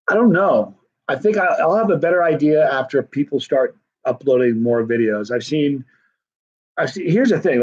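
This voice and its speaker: A middle-aged man hosts a live stream hot-pepper challenge, chatting casually and rambling through viewer comments with many restarts. His mid-range voice is a little mellow, and the audio sounds dull.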